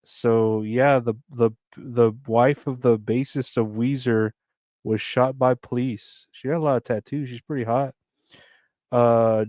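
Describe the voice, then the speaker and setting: A man's voice: mid-range voice, fairly even intonation, a little slow, a little mellow, no echo, studio quality. A man hosting a solo comedy podcast, rambling casually, reading news aloud and riffing on it with crude jokes. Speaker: podcast host.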